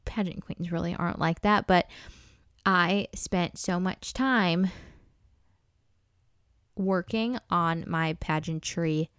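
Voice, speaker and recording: A woman's voice: on the low side, takes it slowly, pauses often, a bit bright, clean tone, no echo, studio quality. A young woman from North Dakota hosting a podcast, telling a personal story in a chatty, earnest and emotional way. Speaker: podcast host. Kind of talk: casual storytelling.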